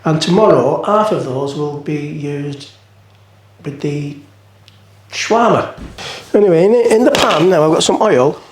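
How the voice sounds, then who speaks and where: A man's voice: on the high side, expressive, moderate pace, slight background noise. Rambling jokey man. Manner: rambling, jokey, talks to himself while cooking. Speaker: cooking vlogger. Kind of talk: casual cooking vlog chat. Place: home kitchen.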